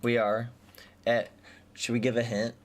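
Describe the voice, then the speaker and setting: A man's voice: mid-range voice, completely flat delivery, a little slow. A man co-hosting a game stream, chatting in an easygoing way with dry jokes. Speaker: gaming streamer co-host. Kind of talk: casual chat while playing a game.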